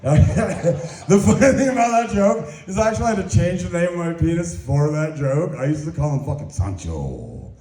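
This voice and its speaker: Young guy doing raunchy standup, kinda high voice, echoey little club. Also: dark tone. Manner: crude, rambling, self-mocking storytelling. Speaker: stand-up comedian. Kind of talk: stand-up set.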